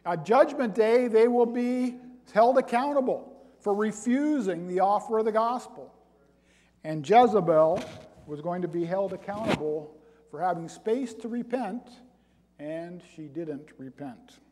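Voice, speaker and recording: A man preaching a sermon, reading scripture aloud and building to loud, emphatic points. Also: sits high, lively intonation, a little slow. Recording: long hall reverb.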